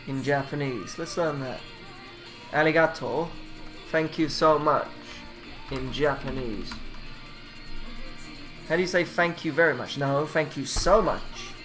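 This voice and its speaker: Man, rambling, swearing, slightly high voice, faint background music. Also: a bit bright. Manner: rambling, swears, mumbles while reading aloud. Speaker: vlogger. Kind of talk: casual self-taught language study.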